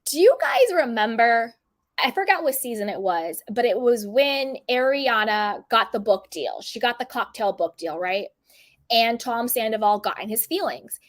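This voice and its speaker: A woman's voice: on the high side, moderate pace. A woman giving casual, opinionated commentary to her viewers and acting out the quotes she repeats. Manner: animated, opinionated, acts out quotes. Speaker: commentary vlogger.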